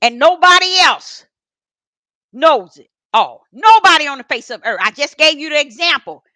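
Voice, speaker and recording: A woman preaching in a live-streamed Bible study. She talks to the live chat, repeats words for emphasis, and swings from shouts to soft murmurs. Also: sits high, big pitch swings, moderate pace, no echo, low-quality recording.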